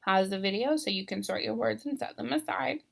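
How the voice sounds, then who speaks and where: A woman teaching a spelling lesson on video, speaking slowly and deliberately and stressing syllables. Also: fairly high pitch, vocal fry.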